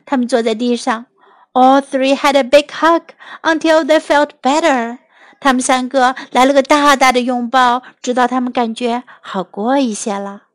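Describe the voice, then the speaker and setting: A woman teacher reading a children's story aloud in two languages, clear and expressive. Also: high-pitched, no echo. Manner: clear, expressive, slow English then Chinese.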